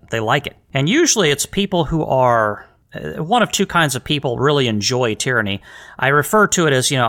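A man's voice: medium pitch, sharp tone. A man hosting a solo podcast, talking in an earnest, emphatic way with rhetorical questions and frequent restarts. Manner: repeats words and restarts phrases. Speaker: podcast host.

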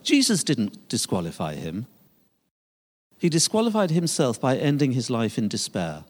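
An older man, a pastor, preaching a sermon with emphatic, rising and falling delivery. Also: medium pitch. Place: church sanctuary. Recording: long reverb of a large church hall.

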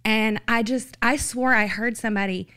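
Bright-voiced woman sharing her story. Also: a little high, fairly even intonation, moderate pace, clean tone. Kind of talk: personal testimony.

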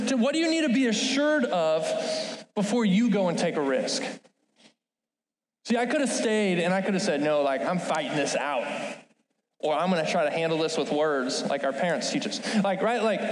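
High-voiced man in an echoey hall. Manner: rambling, many "like" fillers, animated. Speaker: youth speaker. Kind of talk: storytelling talk to students.

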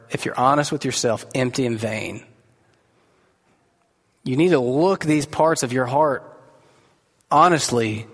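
A man preaching a sermon to a live congregation in an earnest, conversational way, asking his listeners direct questions. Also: medium pitch. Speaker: pastor. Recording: echoey hall reverb.

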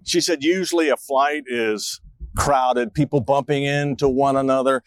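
A man's voice: medium pitch, fairly even intonation, normal speed, dry recording, poor audio. Middle-aged man, pastor, storytelling sermon, reflective, dry close sound. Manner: storytelling, reflective, acts out a child's voice in quotes.

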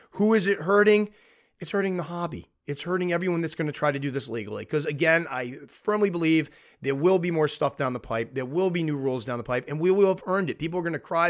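Earnest man arguing in a higher voice. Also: fast, fairly bright tone. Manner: earnest, argumentative, fires off rhetorical questions. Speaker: podcast host. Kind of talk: impassioned monologue.

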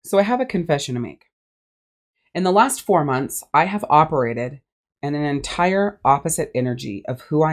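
Blunt, low-voiced woman podcast host. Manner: blunt, swears freely, emphatic. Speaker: podcast host and life coach. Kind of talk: candid solo podcast monologue.

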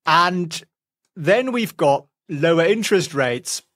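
A man's voice: fairly high pitch, expressive, takes it slowly, fairly bright tone, no echo, clean studio sound. A man giving casual stock market commentary at home, chatty and wry with sarcastic asides. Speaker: finance vlogger. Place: home, with a pet nearby.

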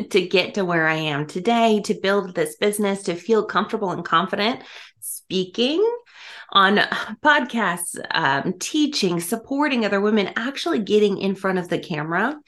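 Woman, podcast guest, effusive, laughs a lot, casual talk, medium pitch. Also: expressive, normal speed, a bit bright. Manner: effusive, laughs often while talking.

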